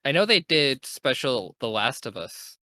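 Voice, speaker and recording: A man's voice: medium pitch, very animated, a little slow, pushed and bright, no room sound. A young man hosting a casual gaming podcast, talking in an enthusiastic, rambling way and correcting himself as he goes. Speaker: podcast host.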